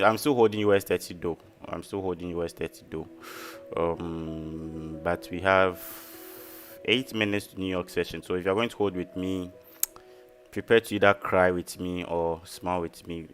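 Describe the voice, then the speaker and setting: A man's voice: low-pitched, a bit bright. A man hosting a casual trading live stream, chatty and repeating key phrases for emphasis. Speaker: trading livestream host.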